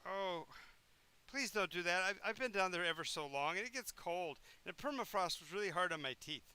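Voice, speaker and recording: A man's voice: sits high, animated, a little fast, pushed and bright, clean tone, full character voice. A man voicing a grandiose, scheming undead lich who swings between villainous boasts and sheepish apologies. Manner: melodramatic villain proclamations, then sheepish backpedaling.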